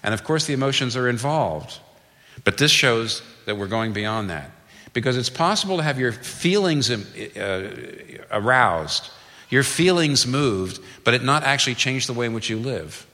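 A pastor with an expressive, medium-pitched voice preaches at normal speed, his tone bright and forceful. He is earnest and emphatic, often restarting phrases as he builds a point, and a large hall gives the sound long reverb.

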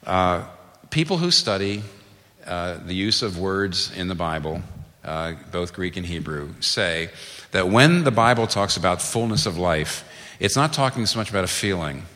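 A low, slightly bright voice belongs to a pastor delivering a sermon with earnest emphasis. He keeps restarting phrases to build his point, and the recording carries a large hall's long reverb.

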